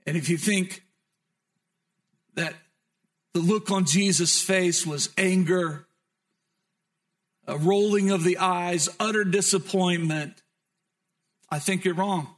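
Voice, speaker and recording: A man pastor preaching a sermon, moving between emphatic storytelling and soft, reflective tones. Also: sits high, fairly even intonation, takes it slowly, pauses often.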